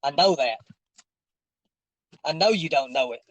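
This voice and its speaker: A man's voice: on the high side, expressive, a little slow, fairly bright tone, no room sound, low-quality recording. Insistent, preachy man pressing hard. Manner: insistent, preachy, repeats himself. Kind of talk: heated confrontation over a call.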